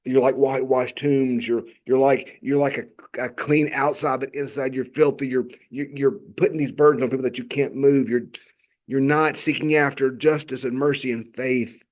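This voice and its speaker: A man's voice: medium pitch, fairly even intonation, moderate pace, darkish tone. A male pastor gives an earnest, impassioned devotional reflection on scripture and often repeats phrases for emphasis.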